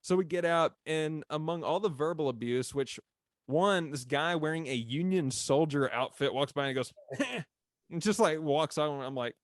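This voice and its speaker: A man, a former mascot telling a story on a podcast in a lively, laughing way and acting out what people said. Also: on the high side, normal speed, dry recording, studio quality. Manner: animated, acts out quotes, laughs often.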